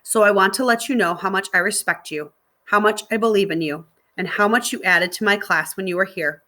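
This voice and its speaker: A woman's voice: mid-range voice, brisk, bright, forceful tone, natural voice. A woman reading the part of a kind, encouraging male middle school teacher in a storybook.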